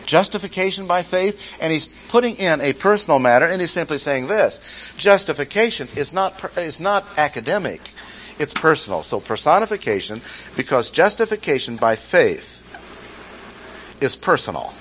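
A man's voice: fairly high pitch, expressive, moderate pace, a bit bright, a little hiss or hum, rough recording. A man teaching a sermon, emphatic, asking the audience questions and repeating key phrases. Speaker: Bible teacher. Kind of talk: expository sermon.

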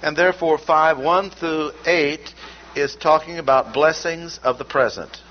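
A man giving an expository Bible lesson in a measured, emphatic way, repeating key words as he lists points. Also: fairly high pitch. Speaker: Bible teacher. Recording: dull lo-fi recording with faint noise.

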